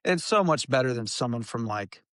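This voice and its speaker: A podcast co-host from Indiana, a man of middle pitch who talks in loose, rambling chat. He keeps restarting and hedging his sentences. His voice sounds dry, with no room echo. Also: lively intonation, moderate pace, a bit bright. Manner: rambling, trails off into restarts and hedges. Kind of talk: casual chat.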